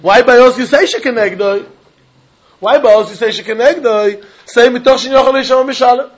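A man with a Yiddish-inflected English accent teaching a Talmud lesson in an animated, sing-song learning cadence. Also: very high voice, fairly quick, highs cut off. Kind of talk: Talmud lecture.

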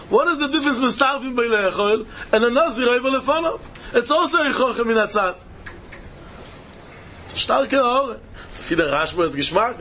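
A man's voice: very high-pitched, bright, forceful tone, slight background noise. A man giving a Talmud lecture, emphatic and repetitive, chuckling as he explains. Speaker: Talmud teacher.

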